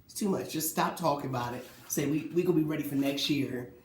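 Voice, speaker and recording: Animated man ranting about sports, echoey room. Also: on the high side, fast, slight background noise. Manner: animated, rhetorical questions, mocking quotes. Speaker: sports talk host. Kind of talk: casual solo sports commentary.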